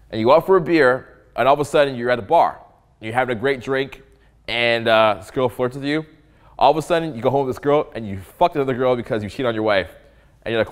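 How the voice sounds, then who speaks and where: A man giving a live dating-coach talk to an audience: animated, joking and profane, often acting out what people say. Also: mid-range voice.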